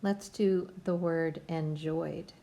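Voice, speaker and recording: A woman's voice: deep voice, steady tone, mellow. A woman teacher giving a patient, step-by-step phonics lesson to young students from home. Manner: slow, patient, step-by-step instruction.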